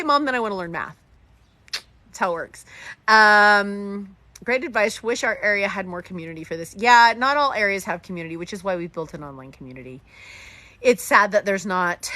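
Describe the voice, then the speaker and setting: A middle-aged woman hosts a live stream and talks with bright, forceful energy. Her voice sounds close and dry, with no room around it. She moves in quick bursts and plays out little back-and-forth conversations. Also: medium pitch, no room sound. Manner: animated, talks in quick bursts and acts out dialogue. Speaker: host of a live homeschooling session. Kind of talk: live-stream chat answering viewer comments.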